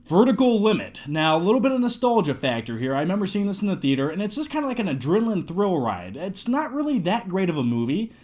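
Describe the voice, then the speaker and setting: A man in his twenties talking casually to camera, reviewing his movie collection in a jokey, excitable way. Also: on the high side. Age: 20s.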